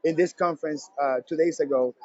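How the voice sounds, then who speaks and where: A man giving a live conference talk, energetic and repeating his points for emphasis. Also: fairly high pitch, fairly quick, breathy edge, muffled recording. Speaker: presenter at a conference session. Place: convention center session room.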